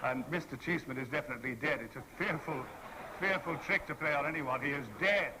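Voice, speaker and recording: A man's voice: fairly high pitch, fast talker, background noise. A man in his sixties telling stories on a convention panel, playful and theatrical, acting out the people he quotes. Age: 60s. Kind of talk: anecdotal storytelling to an audience. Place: convention hall panel with an audience.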